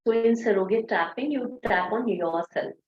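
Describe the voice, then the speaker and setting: A woman's voice: fairly high pitch, normal speed, echoey room, lo-fi sound. A woman moderating a webinar, reading out audience questions in a hesitant way with many fillers.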